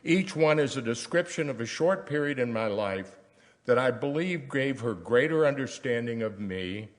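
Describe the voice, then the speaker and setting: An older man from Tennessee, reading a personal letter aloud at a church service in a measured, storytelling way. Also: medium pitch, lively intonation. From Tennessee, US South.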